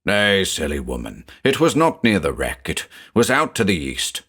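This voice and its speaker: A man doing a gruff, angry old villager. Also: low-pitched, wildly swooping pitch, moderate pace, a bit bright, heavily acted. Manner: harsh, curt rebuke.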